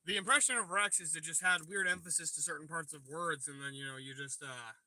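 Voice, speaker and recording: Parked by a river at night, a livestream host talks with his viewers, swearing and joking through a phone propped on the dashboard. His voice is on the high side, bright and forceful, a little fast, and the recording is dry.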